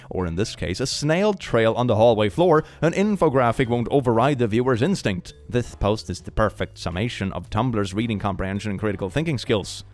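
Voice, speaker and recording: A man hosting a comedic reaction video, reading posts aloud and riffing on them sarcastically, often breaking into laughter. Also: mid-range voice. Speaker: host reading and reacting to social media posts.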